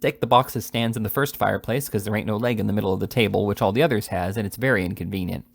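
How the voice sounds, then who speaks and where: A man's voice: lowish voice, racing, vocal fry. A man reading aloud and voicing a cheeky young manservant, blunt and chatty.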